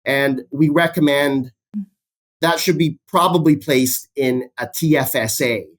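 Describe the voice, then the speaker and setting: A man, a business professor explaining his ideas as a podcast guest in a steady way, citing many figures. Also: on the high side, measured pace. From Canada. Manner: steady, fact-heavy, cites statistics, repeats key phrases.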